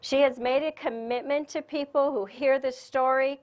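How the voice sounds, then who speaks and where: Woman lecturer, a bit higher voice, lively storyteller who laughs easily, speaking to a conference room. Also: normal speed. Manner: chatty, animated storyteller who laughs often. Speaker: spiritual teacher giving a lecture.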